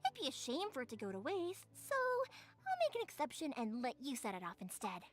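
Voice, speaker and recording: Bubbly young fireworks maker, game dialogue, high and lively. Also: female voice, a little fast, faint music behind. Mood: cheerful. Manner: bubbly, talkative and warm-hearted.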